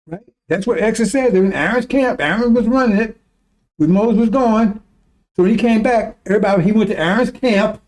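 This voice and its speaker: High-voiced man preaching emphatically. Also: darkish tone. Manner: rambling, emphatic, swears when worked up. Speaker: religious teacher. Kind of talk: informal religious teaching.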